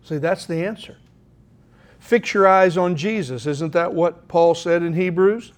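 A man's voice: sits high, measured pace. Earnest man preaching a sermon. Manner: earnest, exhorting, reading scripture aloud. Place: church room.

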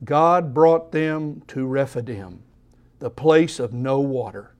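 A man preaching a sermon, expressive, at times dropping to soft repeated phrases, with restarts and stammers mid-thought. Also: mid-range voice, slow pace. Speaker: pastor.

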